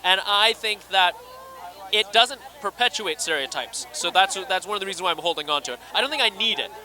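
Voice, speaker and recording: A man with a Scottish accent, chatting quickly and animatedly in an interview at a red carpet event. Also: high-pitched. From Scotland. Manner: fast, animated, acts out quoted voices. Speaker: interviewee, actor and magician.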